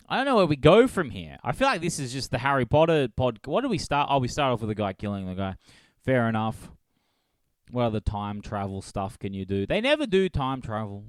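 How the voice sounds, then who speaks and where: A man's voice: mid-range voice, clean tone, no echo. A man hosting a solo comedy podcast, rambling and swearing as he laughs at his own jokes. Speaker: podcast host.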